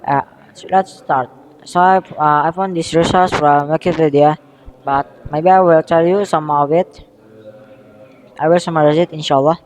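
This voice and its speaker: A young man from Indonesia with an Indonesian accent, giving a school history presentation, halting and often correcting himself as he reads from notes. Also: on the high side, fairly even intonation, long reverb tail, rough recording. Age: young adult. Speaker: student presenter.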